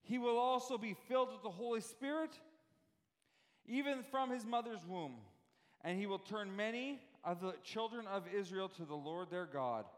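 A man preaching a sermon as pastor, animated and full of rhetorical questions, often repeating words as he goes. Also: high voice. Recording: echoey hall reverb.

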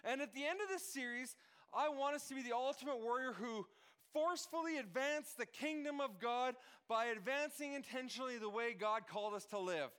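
A pastor delivers a sermon in a very high, brisk voice that is fairly bright and clean. He speaks earnestly, often repeating or restarting phrases, and reads off lists of names.

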